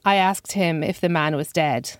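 A woman's voice: lowish voice, moderate pace, no echo. A woman comedian telling a first-person comic story in a dry, self-deprecating way.

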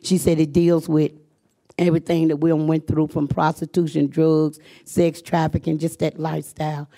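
A middle-aged woman tells her life story to a room of listeners in a gravelly, creaky voice. She talks earnestly and slips into the voices of the people she quotes, her pitch climbing when feelings run high. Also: little pitch movement, normal speed, mellow. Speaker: speaker sharing her recovery story. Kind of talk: personal testimony to an audience.

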